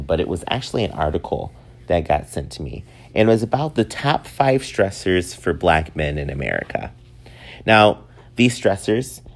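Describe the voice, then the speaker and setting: A man in his thirties hosts his own podcast alone, with a low, deep voice. He talks in a loose, chatty way and laughs often as he goes along. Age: 30s. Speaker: podcast host. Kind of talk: casual solo podcast talk.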